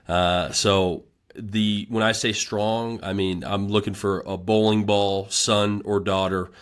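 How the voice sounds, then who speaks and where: A young man, a strength coach, telling lively stories in a casual podcast chat and acting out a shouting coach. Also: lowish voice, slow pace, clear, resonant tone. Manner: animated storyteller who acts out a shouting coach.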